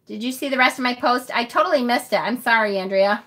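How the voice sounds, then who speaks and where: Bright, high-voiced chatty woman livestreaming. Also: fast. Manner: chatty and self-deprecating, laughs often, swears casually. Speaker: tarot reader hosting a livestream. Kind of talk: casual livestream chat, reading viewer comments.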